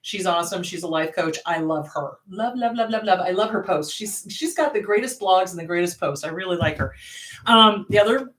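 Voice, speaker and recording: A woman's voice: fairly low pitch, expressive, fairly quick, a bit bright. A woman therapist hosting a casual advice talk, emphatic and repeating words for stress. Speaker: therapist and show host. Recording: roomy, distant mic.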